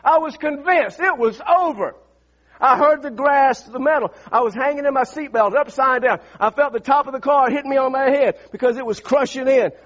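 This pastor, a middle-aged man, has a very high voice and speaks at a moderate pace. He tells a personal story in his sermon, urges the congregation to say lines back, and builds steadily toward shouting. The sound is lo-fi.

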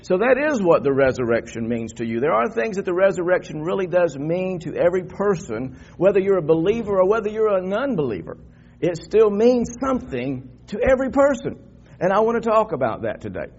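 A man's voice: high-pitched, sing-song, a little fast, darkish tone, slight background noise. An older man preaching an Easter sermon in a church, talking conversationally and climbing into fervent emphasis. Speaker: pastor. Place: church sanctuary. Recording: dull lo-fi church recording.

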